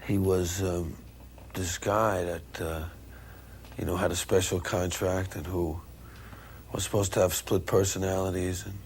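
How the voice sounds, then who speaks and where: Blunt low-voiced man from New York. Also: level tone, unhurried, a little hiss or hum. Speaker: interviewee. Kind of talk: interview reminiscence.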